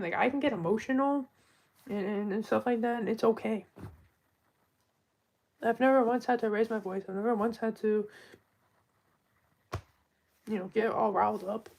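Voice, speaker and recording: A woman talking in a casual live stream monologue, soft-spoken and heartfelt, often trailing off and restarting her sentences. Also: on the high side, rough recording.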